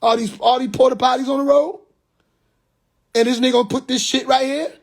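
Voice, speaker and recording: A man's voice: very high voice, level tone, a little fast. A young man from Atlanta with a Southern accent, hosting a phone live stream and lecturing in a mocking, preachy way, firing rhetorical questions with profane slang. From Atlanta, USA. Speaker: livestream host. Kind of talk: rambling live-stream monologue.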